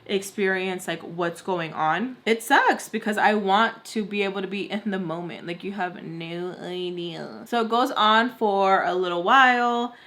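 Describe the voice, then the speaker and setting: A woman's voice: medium pitch, measured pace, hardly any pauses. A young woman vlogger telling a storytime while doing her makeup, rambling with lots of "like" fillers and dropping in Spanish words. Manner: rambling, heavy "like" fillers, animated retelling. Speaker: beauty vlogger.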